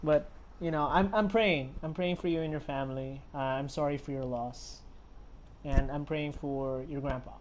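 A man's voice: a little high, fairly even intonation, moderate pace, slight background noise. A young man streaming a game, talking to viewers in a rambling, sympathetic way with many fillers and restarts. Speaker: gaming streamer. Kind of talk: live gameplay commentary.

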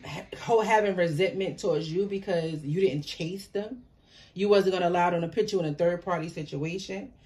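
Animated woman giving a tarot reading. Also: lowish voice, slight background noise. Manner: animated, emphatic, talks back to the cards. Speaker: tarot reader. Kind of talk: casual tarot reading to camera.

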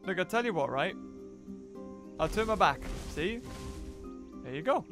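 A young man giving excited commentary while playing a survival game, laughing often and putting silly lines in the creatures' mouths. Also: high-pitched, unhurried. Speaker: gaming YouTuber. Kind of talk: let's play commentary. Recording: game music behind.

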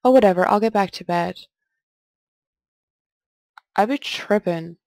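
A woman's voice: mid-range voice, measured pace, a little mellow, no echo. A young woman casually commenting on a game she is playing, reading its text aloud and joking as she goes. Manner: jokey, chatty, talks to herself. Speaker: let's play host.

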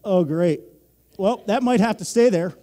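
Speaking a little slowly in a high voice with a dark tone, a young Pennsylvania pastor shares a self-deprecating, humorous story with his congregation during a sermon.

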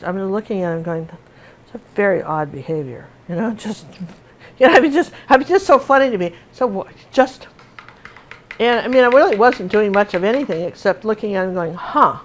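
Middle-aged woman, art teacher, loose and chatty, drifts into stories mid-lesson. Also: medium pitch. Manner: chatty and rambling, with many fillers and restarts. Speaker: painting teacher. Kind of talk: casual tutorial chat while painting.

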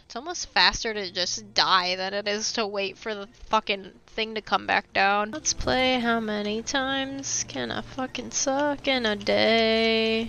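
A young adult woman streaming a game, talking to viewers and cursing and yelling at the game in frustration. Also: fairly high pitch, poor audio. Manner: swears and shouts at the game in frustration. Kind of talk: live game streaming chat.

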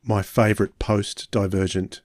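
A man's voice: lowish voice, flat delivery, a little slow, darkish tone, no room sound, studio quality. A man co-hosting a podcast who talks eagerly and speaks openly about what he loves and hates. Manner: enthusiastic, frank about his likes and dislikes. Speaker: podcast co-host. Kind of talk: casual chat.

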